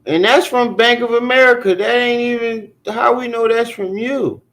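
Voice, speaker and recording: A man's voice: very high-pitched, fairly even intonation, normal speed, fairly bright tone, roomy sound. A man hosting a reaction commentary, mocking and talking back at the clips he plays. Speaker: commentary host.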